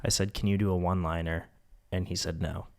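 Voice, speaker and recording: A man on a comedy podcast who speaks in a hesitant, halting way, full of stops and restarts. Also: sits low, level tone, creaky. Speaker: podcast co-host. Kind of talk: improvised comedy chat.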